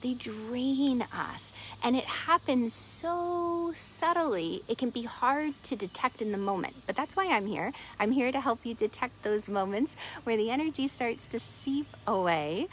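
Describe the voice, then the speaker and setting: A middle-aged woman coach telling a parable, expressive with soft hushed moments. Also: on the high side, unhurried, hardly any pauses, a little hiss or hum, rough recording. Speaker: wellness coach. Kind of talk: storytelling talk.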